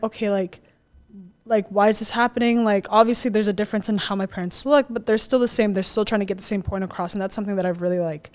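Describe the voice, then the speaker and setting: Young woman co-host, casual storyteller, average pitch, heavy filler words. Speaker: podcast co-host. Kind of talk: casual podcast chat.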